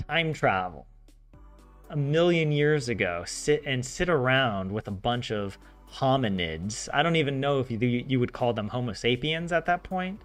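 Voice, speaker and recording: Southern american man, lively rambling talk, faint music underneath. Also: medium pitch. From southern United States. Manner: rambling, many "like" fillers, animated asides. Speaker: language learner host. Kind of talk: casual study vlog. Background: soft game music.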